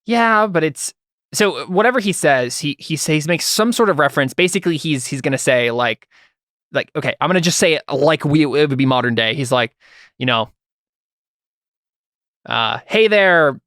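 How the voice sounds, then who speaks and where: A man's voice: on the high side, expressive, normal speed, a bit bright, no room sound, clean studio sound. A man narrating as game master in a tabletop role-playing game, rambling with many fillers and restarts.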